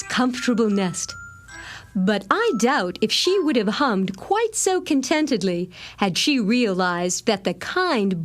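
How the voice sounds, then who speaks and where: A woman narrating an animated storybook in a gentle, measured storytelling manner. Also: on the high side.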